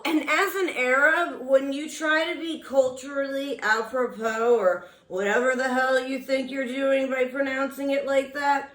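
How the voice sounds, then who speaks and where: Slow, scathing woman ranting in a roomy space. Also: sits high, fairly bright tone. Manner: sarcastic and scathing. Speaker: vlogger. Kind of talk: ranting political monologue. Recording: roomy echo.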